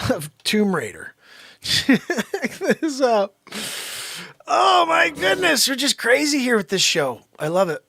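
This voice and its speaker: A man hosting his comedy show, chatting in a casual, excited and upbeat way and laughing often. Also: very high voice, slow, gravelly, pauses often, no room sound. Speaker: show host.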